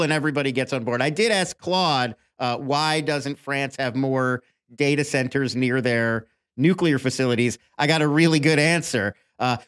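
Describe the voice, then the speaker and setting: A man co-hosting a podcast with a voice a little higher than most men's. He reads looked-up facts aloud and moves easily into an upbeat sponsor plug. He keeps it casual and conversational. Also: a bit bright. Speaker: podcast co-host. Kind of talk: casual chat and live ad read.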